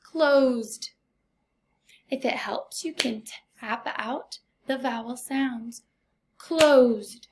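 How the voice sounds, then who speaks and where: A woman teaching a recorded first grade phonics lesson, speaking slowly and deliberately in an encouraging teacher's way. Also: fairly high pitch, steady tone, a little hiss or hum.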